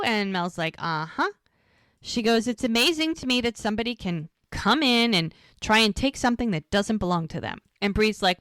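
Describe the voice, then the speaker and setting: A woman's voice: mid-range voice, fairly bright tone, no room sound. A woman co-hosting a podcast, recapping a TV episode in a casual, chatty way and quoting the characters' lines as she goes. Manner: retells scenes, acting out the lines in quick quotes. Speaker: podcast co-host.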